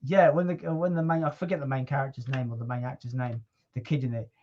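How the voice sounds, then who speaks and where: A man hosting a casual livestream chat, relaxed and chatty, with casual swearing. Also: medium pitch, fast talker, lo-fi sound, slight background noise. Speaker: livestream host.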